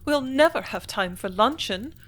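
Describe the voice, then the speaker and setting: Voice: medium pitch, lively intonation, normal speed, fairly bright tone, voice pushed up. An audiobook reader voicing an impatient young society woman who pleads to hurry off to luncheon.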